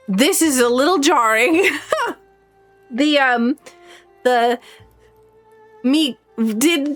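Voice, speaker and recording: A woman streamer commenting live on a video game as she plays, excitable and full of gasps and exclamations. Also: high-pitched, slow, faint music behind.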